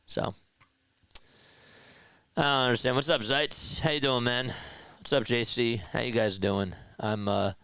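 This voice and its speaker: Frustrated fan calling play-by-play. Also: male voice, mid-range voice, steady tone, measured pace, pauses often, fairly bright tone, smooth, no echo. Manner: frustrated, exasperated partisan fan. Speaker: amateur play-by-play caller. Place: home room.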